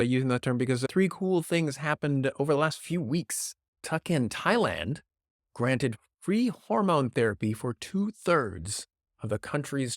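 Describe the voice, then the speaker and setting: A man rambles through upbeat news with jokes and self-mockery. His pitch swings lively from phrase to phrase, and he sits close to a podcast mic in a dry, dead room. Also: no room sound. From Canada. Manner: rambling, joking, self-deprecating. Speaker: podcast host. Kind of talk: casual comedic news talk. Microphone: podcast microphone.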